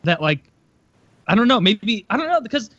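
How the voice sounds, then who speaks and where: A man's voice: high-pitched, very animated, normal speed, fairly bright tone, no room sound, lo-fi sound. A young man co-hosting a casual podcast chat, rambling with lots of fillers. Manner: rambling, filler-heavy, mock-voices others. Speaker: podcast co-host.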